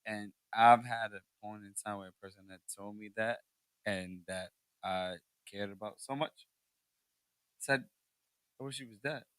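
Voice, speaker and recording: A man's voice: fairly low pitch, steady tone, a little slow, a bit bright, clean tone, no echo. A man on a podcast panel, chatting bluntly and swearing casually.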